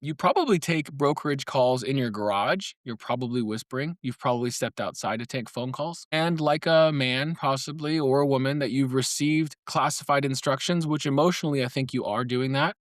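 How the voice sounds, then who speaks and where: A man's voice: mid-range voice, a little fast, hardly any pauses, dry recording, clean studio sound. A man hosting a solo comic podcast, talking in a wry, playful, conspiratorial way and laughing between phrases. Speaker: podcast host.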